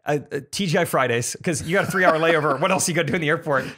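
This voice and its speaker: A man's voice: on the high side, rapid-fire, fairly bright tone. A young man co-hosting a podcast in casual chat, laughing often and putting on playful mock voices. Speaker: podcast co-host.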